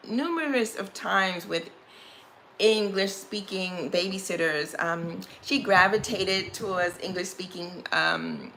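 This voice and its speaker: A woman's voice: lowish voice, pushed and bright, slight background noise. A woman with a Brooklyn accent, chatting casually on a beauty livestream, rambling and restarting her phrases. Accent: Brooklyn, New York. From Brooklyn, New York.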